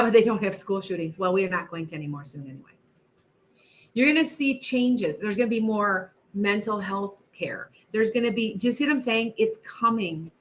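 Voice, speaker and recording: With a mid-range, pushed, and bright voice, a middle-aged psychic host fields viewer questions on a casual live stream. She stresses her points, says things more than once, and chats with viewers on the side.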